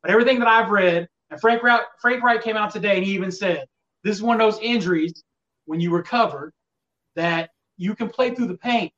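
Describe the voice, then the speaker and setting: A high-pitched man talks football in a loose, rambling way, sounding put out by fickle fans. He sits back from the mic, and the recording is dull and lo-fi. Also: fairly quick, a bit bright, far from the mic. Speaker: podcast co-host. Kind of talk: casual sports talk.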